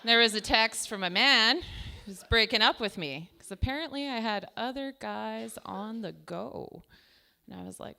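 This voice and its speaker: On a small comedy stage, a young adult woman tells self-deprecating stand-up stories, chatting away and saying "like" constantly. Her voice sits a little high, creaky and sharp, at a measured pace.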